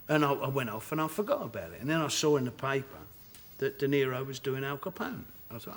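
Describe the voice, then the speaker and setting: A man with a Cockney accent, a talk show guest telling animated stories and laughing often in a television studio. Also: medium pitch, fast talker, few pauses. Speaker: guest actor.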